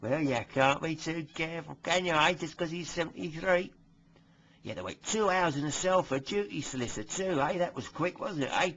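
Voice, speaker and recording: A smug, bigoted police constable, played by a man, gossips through a comic monologue, forever nudging the listener with tag questions. His voice sits fairly high and sounds husky. It comes through a dull, lo-fi recording. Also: fairly quick, fairly bright tone.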